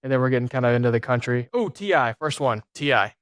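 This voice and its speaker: A man's voice: mid-range voice, lively intonation, quick pace, fairly bright tone, clean tone, no echo, studio quality. An American man in his thirties, co-hosting a casual sports chat in a loose, rambling way with lots of fillers. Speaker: co-host, former player.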